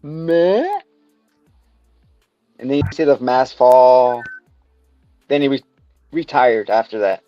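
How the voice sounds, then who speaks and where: A man's voice: medium pitch, steady tone, a little slow, pauses often, no echo. A man co-hosting a podcast, recapping a show in casual chat, rambling and swearing as he acts out scenes. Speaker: podcast co-host. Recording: dull lo-fi sound with music behind.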